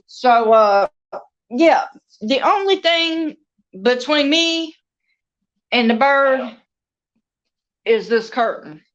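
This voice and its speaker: A woman's voice: sits high, expressive, extremely slow, long pauses. A woman chatting casually with her viewers from her dining room at home, stopping now and then to talk to her pets. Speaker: crafter and video host. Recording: dull lo-fi sound.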